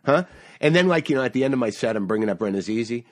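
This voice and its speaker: A man's voice: medium pitch, lively intonation, very fast. A man chatting as a podcast guest, telling a story intensely, swearing and restarting his sentences. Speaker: guest comedian. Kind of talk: casual podcast chat, storytelling.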